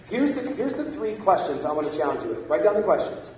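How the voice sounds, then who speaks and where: A man works a seminar crowd with a quick, energetic, coaxing delivery, and his voice sits a touch high. He is caught from deep in a large hall, so his speech rings with long echo. A faint hum of the room runs under it. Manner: energetic, rapid, coaxing the audience. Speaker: sales coach speaker. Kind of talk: motivational seminar talk. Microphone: far from a phone camera in the audience. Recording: echoey hall recorded from far off.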